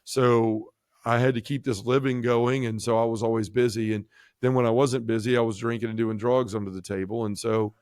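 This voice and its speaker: A man telling his personal faith testimony as a guest, earnest and halting, with many restarts. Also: medium pitch, little pitch movement, a little mellow, clear, resonant tone, no room sound, clean studio sound.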